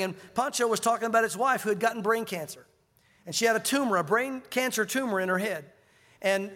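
High-voiced preacher in an echoing hall. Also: male voice. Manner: animated storytelling, acts out quoted voices. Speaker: pastor. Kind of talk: sermon.

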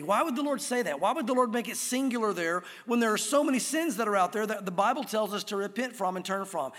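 Pastor guy preaching, pretty high voice, slows down hard on the key words, long reverb like a big church. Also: a bit bright. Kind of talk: sermon. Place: church sanctuary.

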